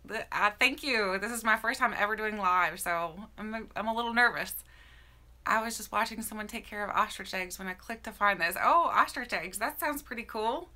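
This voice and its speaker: A woman hosting a casual beauty live stream from home, greeting viewers by name. Her voice is slightly hoarse and tired. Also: medium pitch, normal speed, bright, forceful tone.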